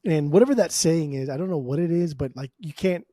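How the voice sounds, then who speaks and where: A man's voice: fairly high pitch, lively intonation, a little fast, warm tone, no echo, clean studio sound. A man co-hosting a podcast in casual chat, joking and swearing freely. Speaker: podcast co-host.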